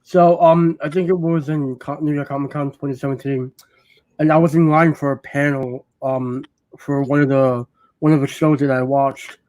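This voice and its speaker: Male co-host, fairly high voice, loose chatty delivery, lots of fillers. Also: steady tone, normal speed, darkish tone, dry recording. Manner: rambling, many ums and restarts. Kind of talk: casual chat.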